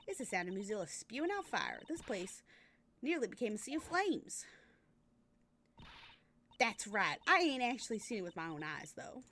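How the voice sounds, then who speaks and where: A woman's voice: medium pitch, very animated, normal speed, long pauses, a bit bright. A woman voicing a brash female photographer with a put-on American Southern accent and folksy, emphatic talk.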